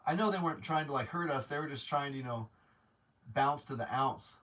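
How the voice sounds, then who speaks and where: A man's voice: medium pitch, a little fast, a bit bright, recorded from a distance. A man hosting a casual live stream, chatting to viewers, rambling with many restarts and growing openly grateful. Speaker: livestream host.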